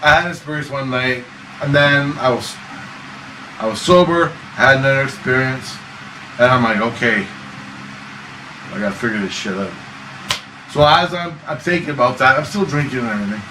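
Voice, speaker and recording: A man's voice: mid-range voice, a little fast. A man telling a wild personal story in a casual interview, swearing, laughing often and acting out voices. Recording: echoey room, far from mic, noisy.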